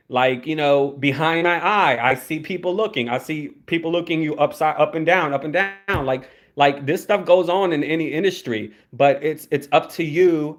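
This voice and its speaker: A young man giving casual livestream commentary, rambling, repeating words and swearing freely. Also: fairly high pitch. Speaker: YouTube commentator.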